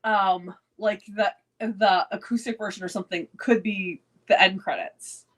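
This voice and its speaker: A woman's voice: mid-range voice, fairly even intonation, unhurried. A woman co-hosting a live fan stream, upbeat and agreeable, thinking aloud as she talks. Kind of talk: casual live-stream chat.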